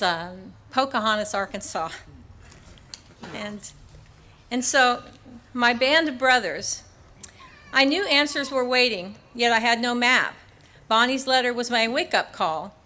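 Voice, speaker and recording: Earnest older woman with a bright voice. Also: medium pitch. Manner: earnest, measured, with small restarts. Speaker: keynote speaker at a memorial ceremony. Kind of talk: public speech partly read from her book. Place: outdoor civic ceremony in a park.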